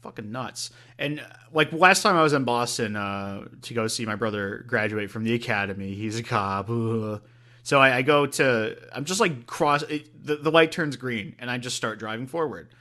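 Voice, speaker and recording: A man's voice: medium pitch, moderate pace, bright, forceful tone. A man co-hosting a podcast in casual chat, rambling with many fillers and swearing freely. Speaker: podcast co-host.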